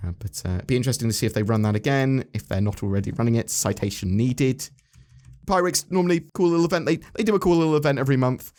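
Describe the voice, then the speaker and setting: A chatty man with an ordinary mid-range voice hosts a relaxed talk about game news. He rambles through his points, trails off and restarts, and keeps turning to his co-host with questions. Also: medium pitch, fast talker.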